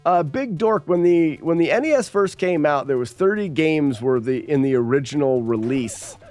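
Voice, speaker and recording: A man's voice: on the high side, lively intonation, moderate pace, darkish tone, no room sound. A man streaming a retro game, explaining it casually with many fillers. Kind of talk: casual gameplay commentary.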